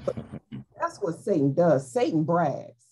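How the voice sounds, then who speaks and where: Woman Bible teacher, lively pitch, slightly husky, informal and playful delivery. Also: unhurried. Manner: animated, playful, acts out voices in quotes.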